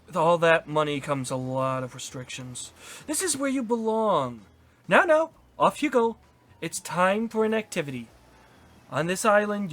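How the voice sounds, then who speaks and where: A man's voice: sits high, fairly bright tone. Sly scheming resort narrator, as a man puts him on. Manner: sly, persuasive, evasive. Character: scheming smooth-talking male resort narrator.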